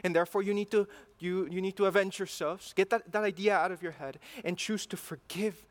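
A man's voice: high-pitched, steady tone, a little fast. A man preaching a sermon in an earnest way, repeating phrases and building to emphatic passion.

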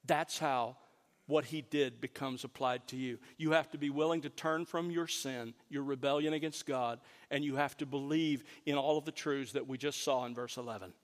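A man preaching a sermon, slowing down to stress key words. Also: mid-range voice, fairly even intonation, in a large hall. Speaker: pastor.

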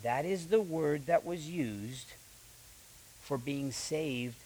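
A young man preaching a sermon with animated delivery, reading scripture and acting out the quoted voices, often repeating his words. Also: a little high, takes it slowly, a little hiss or hum, low-quality recording. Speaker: pastor.

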